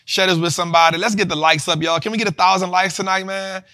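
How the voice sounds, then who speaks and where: Animated, bright-voiced slangy man. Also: sits high, fast talker. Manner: slangy, animated, repeats himself. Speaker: host. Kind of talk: livestream finance talk.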